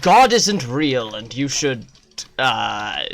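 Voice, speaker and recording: Brief: a man playing a loud, crude devil. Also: medium pitch, very animated, very slow, gravelly, heavily acted. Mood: careless. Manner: loud, careless and profane. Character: mocking male devil, offhand and crude.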